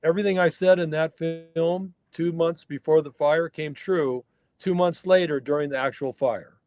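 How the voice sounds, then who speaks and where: A man's voice: fairly high pitch, fairly even intonation, moderate pace, darkish tone, no echo. A man, a wild horse researcher from the northern California mountains, telling a story as a guest on a remote interview and acting out the people he quotes.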